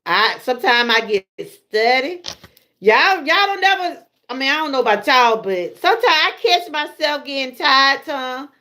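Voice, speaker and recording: A woman's voice: sits high, expressive, moderate pace, sharp tone. A middle-aged woman with a Southern US accent, chatting casually to her viewers on a livestream and laughing often. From Georgia, USA. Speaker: livestream host.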